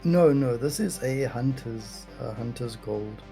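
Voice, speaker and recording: A man's voice: medium pitch, a little slow, gravelly, over music, low-quality recording. A man with a South African accent, a guest on a video call, talking shyly and sounding nervous. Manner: shy and bashful. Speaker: guest streamer on a date. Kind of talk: casual video-call chat. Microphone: video call microphone.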